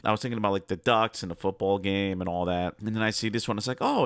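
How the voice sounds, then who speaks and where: A man's voice: fairly low pitch, a bit bright, no echo. A man giving a casual, upbeat music trivia segment as a guest, chatty and prone to digressions.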